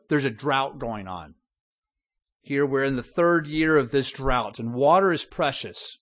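A middle-aged man with a medium-pitched, fairly bright voice preaches a sermon in a conversational way, with asides and restarts.

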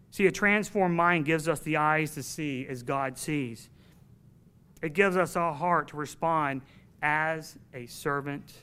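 A man's voice: fairly high pitch, fairly bright tone, smooth. A man preaching a sermon to his congregation in an earnest, emphatic way, telling a personal story.

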